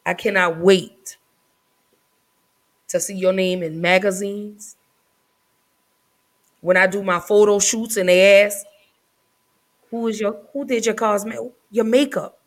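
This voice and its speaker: A woman hosting a casual live podcast, talking in an effusive, affectionate way with drawn-out phrasing. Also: mid-range voice, fairly even intonation, rough recording. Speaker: podcast host.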